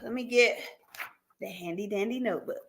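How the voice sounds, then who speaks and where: A woman's voice: mid-range voice, fairly quick, a bit bright, a little hiss or hum. A woman hosting a casual live stream, chatty and laughing often, talking aside to her dog.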